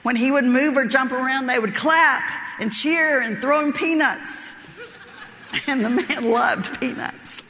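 A woman's voice: sits high, a little slow, pushed and bright, big-room sound. A woman preaching a sermon, telling a folksy joke story and laughing at her own lines.

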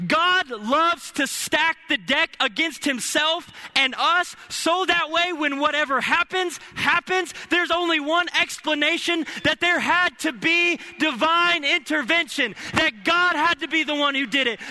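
A young adult man preaching a sermon as pastor, lively and humorous, building at times to shouting. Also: very high-pitched, measured pace, few pauses. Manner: energetic preaching with humorous asides.

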